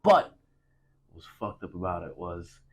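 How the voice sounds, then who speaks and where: A man co-hosting a podcast, talking casually with halting restarts. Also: low-pitched, very animated. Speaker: podcast co-host. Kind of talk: casual chat.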